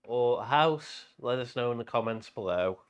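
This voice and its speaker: A man's voice: mid-range voice, lively intonation, normal speed. A man co-hosting a live bingo stream, calling out the items in a casual, hesitant way that is full of stammered repeats.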